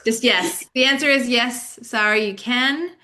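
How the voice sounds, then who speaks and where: A woman hosting an online panel, reading out questions with playful, quick humor on a video call. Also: on the high side, pushed and bright. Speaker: host, researcher.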